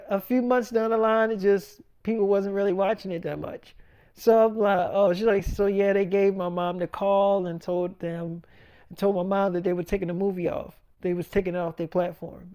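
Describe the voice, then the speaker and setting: A man's voice: sits high, a little mellow, dry recording. A man telling a rambling made-up story in casual, profane speech. He acts out both sides of conversations, switching between "I'm like" and "she's like".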